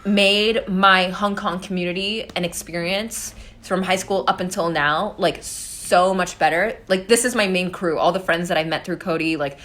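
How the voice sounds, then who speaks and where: A young adult woman, a podcast guest, telling animated stories in casual chat, full of laughs and fillers. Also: fairly low pitch, moderate pace. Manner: animated storyteller, laughs often, filler-heavy.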